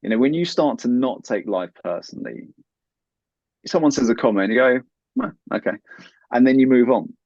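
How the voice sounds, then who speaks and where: A man's voice: medium pitch, expressive, brisk, mellow, no echo. A man talking as a guest in an interview, earnest and giving advice. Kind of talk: conversational interview. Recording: dull, lo-fi, dry sound.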